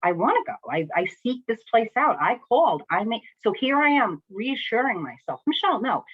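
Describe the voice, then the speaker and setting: An adult single mother from New Jersey reflects on her own experiences in a personal vlog, frequently checking in with "right?" and "you know?". Her voice is a little high and slightly rough, with big pitch swings at a normal pace. The audio sounds tinny, like a phone.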